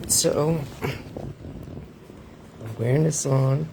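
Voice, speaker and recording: A middle-aged woman live streaming from home, fighting back tears as she keeps pausing to talk to her viewers. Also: sits low, gravelly. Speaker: livestreamer. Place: home room with a fan running. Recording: noisy home livestream with fan hum.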